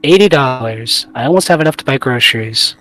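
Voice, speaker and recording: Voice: mid-range voice, expressive, brisk, fairly bright tone. Let's play host, casual rambling commentary, faint game music underneath. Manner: rambling, talks to self while playing.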